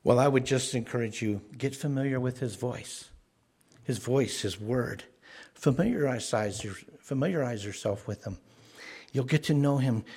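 A man's voice: mid-range voice, darkish tone, breathy edge. A man preaching a sermon, earnest and often repeating words as he stresses a point. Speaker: pastor.

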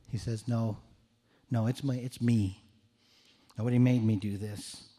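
A man's voice: medium pitch, fairly even intonation, measured pace, long pauses, mellow. A man preaching a sermon in an earnest way, often repeating words as he restarts his phrases. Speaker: pastor.

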